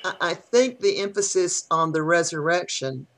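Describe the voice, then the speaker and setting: A woman's voice: fairly low pitch, lively intonation. Thoughtful woman speaking wryly on a video call. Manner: thoughtful, measured, wry, with frequent hesitations. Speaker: guest author on religion. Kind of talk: casual conversational interview.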